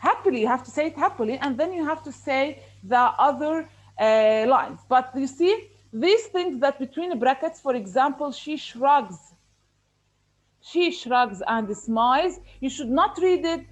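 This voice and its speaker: A woman's voice: high voice, lively intonation, a little fast, low-quality recording. A woman teacher explaining a speaking assignment to her class and checking in with them often. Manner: repetitive, checking in with "okay?". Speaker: English teacher. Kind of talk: online class instruction.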